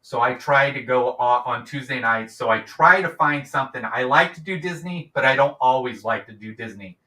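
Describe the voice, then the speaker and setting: A man's voice: mid-range voice, moderate pace, bright, forceful tone. A middle-aged man on a video call, chatting casually as an interview guest and rambling with many restarts. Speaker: guest, YouTube creator. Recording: roomy, distant from mic.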